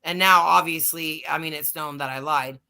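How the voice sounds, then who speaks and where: A woman's voice: low-pitched, fairly even intonation, normal speed, gravelly, pushed and bright. A woman hosting a casual livestream chat, telling rambling stories full of swearing. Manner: profane, rambling storytelling. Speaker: livestream host.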